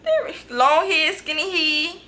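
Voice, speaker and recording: A young woman from Louisiana with a Creole accent, vlogging in an animated, laughing, playfully indignant way. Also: very high voice, unhurried. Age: young adult. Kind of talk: casual chat to viewers and strangers on a video app.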